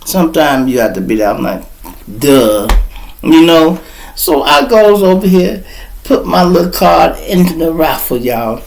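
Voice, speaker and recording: A man, hosting his own channel and telling a profane, animated story in casual talk. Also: moderate pace, creaky, low-quality recording. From Chicago. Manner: profane, animated storytelling, gets loud and high when excited. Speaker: vlog host.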